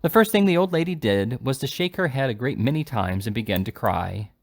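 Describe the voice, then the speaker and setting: A man reading a classic novel aloud in an expressive storytelling manner. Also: mid-range voice, a little fast. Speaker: audiobook reader.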